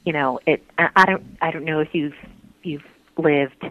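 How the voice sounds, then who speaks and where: A woman recalls a painful time in her faith life, earnest and halting. She restarts her sentences often, and her voice comes through a tinny, dry phone line. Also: sits low, fairly even intonation, a bit bright, no room sound. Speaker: interviewee. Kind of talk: personal faith interview.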